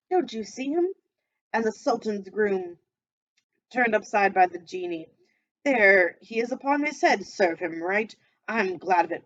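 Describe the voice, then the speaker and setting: A woman voicing an elderly male miser who exclaims between laughing and crying, caught up in childlike excitement. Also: mid-range voice, breathy edge, muffled recording, close to an everyday voice.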